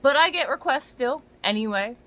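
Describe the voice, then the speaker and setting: Exasperated young dog walker ranting, bright voice. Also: high voice, expressive, moderate pace. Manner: exasperated, profane, rising to near-shouts. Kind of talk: ranting vlog to camera.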